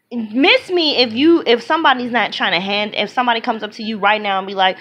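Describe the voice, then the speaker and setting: A woman with a fairly high voice gives a heated, opinionated movie review straight to camera. She talks with punch and leans into her points, often slipping into the voices of the people she quotes. The sound is dull and lo-fi, as if from a home camera. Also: fast talker, few pauses. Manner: emphatic and animated, acts out quoted people.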